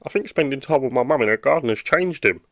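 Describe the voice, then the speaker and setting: A man's voice: mid-range voice, animated, quick pace, a bit bright, no echo. A man doing a blunt British dog owner. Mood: defensive. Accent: British English. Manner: blunt and exasperated. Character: blunt, short-tempered dog-loving man. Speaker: cartoon character. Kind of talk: animated comedy dialogue.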